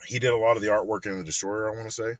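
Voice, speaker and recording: A man's voice: fairly low pitch, steady tone, very fast, no echo. Profane, ranting man, stoned. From Texas. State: high. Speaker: collectibles channel host. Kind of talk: casual livestream rant.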